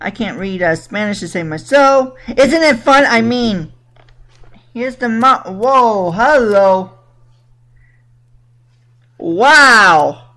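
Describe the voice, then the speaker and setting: A woman's voice: medium pitch, lively intonation, drawn-out words, pauses often, bright, forceful tone. A woman hosting a casual talk show, reacting indignantly and reading out comments. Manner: indignant, exclaiming, reads comments aloud. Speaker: podcast host.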